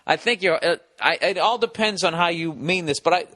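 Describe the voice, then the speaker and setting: A man's voice: sits high, fairly quick, few pauses, pushed and bright. Sardonic, profane male podcast host. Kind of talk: casual comedic chat.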